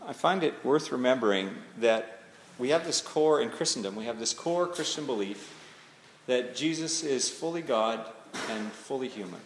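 A man's voice: mid-range voice, animated, moderate pace, a little hiss or hum. A man preaching a sermon in a conversational, reflective way, building to emphatic readings of scripture. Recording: echoey hall with faint ambience.

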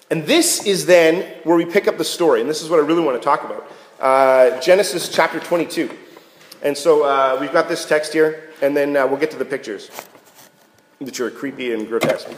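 A man preaching a casual sermon, joking and conversational, often checking in with "right?". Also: fairly high pitch. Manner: jokey, conversational, keeps asking "right?". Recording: echoey hall with long reverb.

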